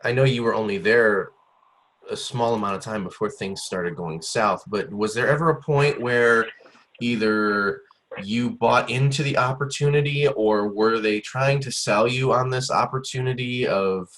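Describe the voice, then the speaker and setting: A man hosting a podcast, asking measured, halting questions with fillers. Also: mid-range voice, a bit bright, slight background noise, low-quality recording. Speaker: podcast host. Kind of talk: interview questions.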